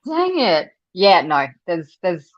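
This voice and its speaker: Australian woman guest, low voice, chatty and animated, slightly dull lo-fi sound. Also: slow pace, no room sound. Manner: animated, laughs often, repeats words when thinking. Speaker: interview guest. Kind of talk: casual interview conversation.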